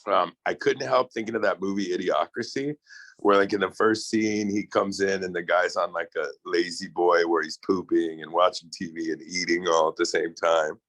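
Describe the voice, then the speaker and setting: A man's voice: sits low, steady tone, normal speed, a bit bright, dry recording. A man co-hosting a podcast over a video call, talking in a loose, joking way with lots of fillers. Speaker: podcast co-host. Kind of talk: casual chat.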